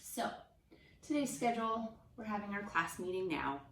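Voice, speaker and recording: A young woman teaching kindergarten from home, speaking gently and slowly with soft whispers to encourage the children. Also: medium pitch, animated, echoey room, recorded from a distance. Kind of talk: remote class lesson for young children. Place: room at home.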